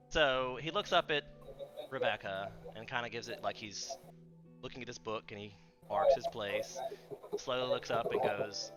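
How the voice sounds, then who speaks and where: A man narrating as game master of a tabletop game, chatty and apologetic, using lots of fillers. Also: mid-range voice. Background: background music.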